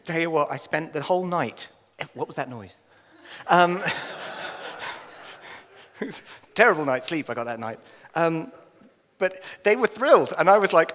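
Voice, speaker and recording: An English man delivers a sermon with lively, jokey storytelling, slipping into acted asides and chuckles. His voice sits a little high for a man. Long reverb of a church hall trails behind him. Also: moderate pace. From England. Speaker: minister.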